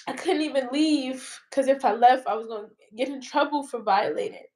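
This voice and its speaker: Interviewed in a low-quality recording, a woman with a high-pitched yet darkish voice tells a personal story at normal speed with few pauses. Her retelling is rambling and emotional, packed with fillers and "like."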